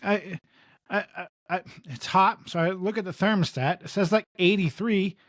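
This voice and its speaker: A man co-hosting a podcast in casual chat, lively and laughing as he retells scenes in quoted voices. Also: high voice, moderate pace, dry recording. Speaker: podcast co-host.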